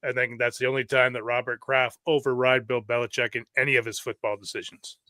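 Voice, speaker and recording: Bright, clear-voiced man, dry sound. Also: medium pitch, a little fast, dry recording. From Canada. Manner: relaxed storytelling, laughs easily. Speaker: podcast co-host. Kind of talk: casual sports chat.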